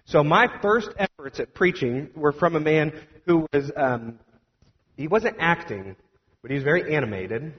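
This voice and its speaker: A young adult man preaching a storytelling sermon as a pastor, conversational and animated, with plenty of fillers. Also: fairly high pitch, moderate pace. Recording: dull sound with long hall reverb.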